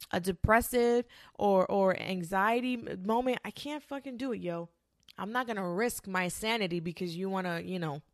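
A woman's voice: mid-range voice, dry recording, clean studio sound. A woman hosting a podcast, talking in a blunt, emphatic, swear-heavy monologue. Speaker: podcast host. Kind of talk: casual monologue.

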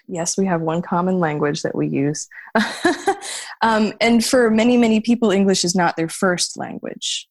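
A woman's voice: lowish voice, vocal fry, dry recording. A woman being interviewed on a podcast in a chatty, casual way, still in her morning voice. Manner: chatty, laughs often, restarts words. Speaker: podcast guest. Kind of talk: casual conversation.

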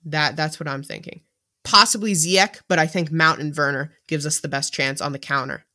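A man co-hosting a casual sports podcast, who talks tactics in an animated, jokey way. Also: a little high, normal speed. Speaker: podcast co-host.

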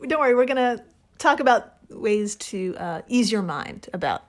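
A woman's voice: medium pitch, big pitch swings, normal speed. Playful woman host telling a gross story. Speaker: podcast host. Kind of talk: casual chat, presenting facts.

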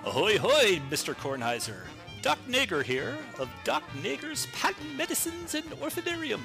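A man's voice: very high voice, huge pitch swings, normal speed, creaky, loud music behind the voice, exaggerated voice, poor audio. Man putting on a pompous old-timey magnate. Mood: grandiose. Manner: florid, grandiose old-timey oratory. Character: pompous turn-of-century male patent-medicine magnate. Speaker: listener sending in a bit.

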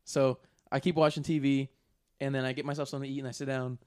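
A man's voice: mid-range voice, flat delivery, fast, darkish tone, clean tone. A man telling a rambling story in casual podcast chat, swearing often and filling with "like". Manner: rambling, profane, lots of fillers.

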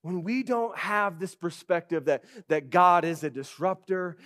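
Preaching a little slowly in a high-pitched voice, a pastor keeps his sermon animated and chatty. Loud bursts punctuate his delivery, along with casual fillers like "okay" and "right."

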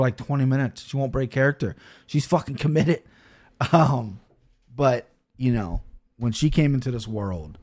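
A man in his thirties hosting a podcast in a casual, rambling monologue, swearing often and full of fillers and restarts, soft and emotional at times. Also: mid-range voice. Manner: soft and emotional when talking about his daughter. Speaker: podcast host.

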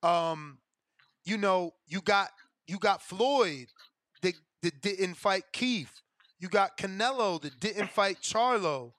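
High-voiced man hosting a call-in show. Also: slow, fairly bright tone, no echo. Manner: loose and direct, street slang.

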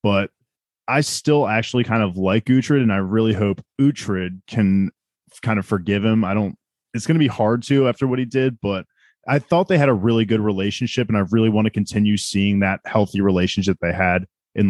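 A man's voice: fairly low pitch, a little fast, a little mellow, no room sound, studio quality. A man co-hosting a casual podcast, talking earnestly and reflectively about the show. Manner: earnest, reflective, builds a rant. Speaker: podcast co-host. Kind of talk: casual chat reviewing a TV series.

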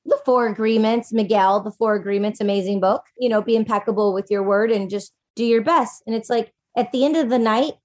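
A woman life coach talking casually in a podcast conversation, animated and full of "like", acting out little quotes. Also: on the high side, fairly quick, hardly any pauses. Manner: chatty, animated, acts out quotes, fillers of "like".

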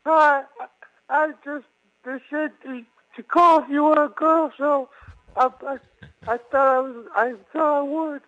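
A timid young woman caller, as a man puts her on stammers through each answer. Her voice sits extremely high and creeps along slowly. The call comes in dry and tinny, like a phone line. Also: fairly even intonation, a bit bright, dry recording. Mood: hesitant. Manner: halting, stammering. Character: shy hesitant young woman caller at a mall.

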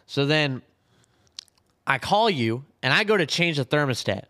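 A teenage young man, the hosts' son, telling a lively story in casual chat, laughing as he goes. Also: fairly high pitch, a little slow. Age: teens.

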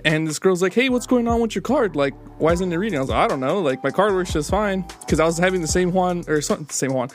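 A young man chats on a podcast, rambling through his stories and laughing at himself. His voice sits a little high. Faint music plays underneath. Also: fast, few pauses. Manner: rambling storyteller, swears often, laughs at himself. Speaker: podcast co-host. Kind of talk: casual chat.

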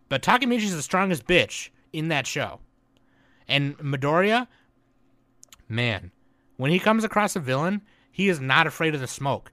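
A man co-hosting a podcast, ranting loudly and profanely, swinging between shouting and muttering. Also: on the high side, expressive, moderate pace, pauses often, dry recording. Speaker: podcast co-host. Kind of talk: casual chat.

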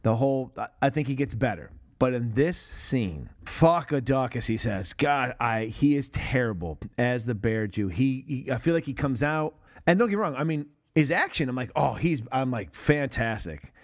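A man hosting a casual film discussion podcast, cursing freely and jumping into quick impressions of movie dialogue. His voice sits in an ordinary middle register, and his delivery is loose and energetic. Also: medium pitch. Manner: animated, profane, mimics movie lines. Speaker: podcast host.

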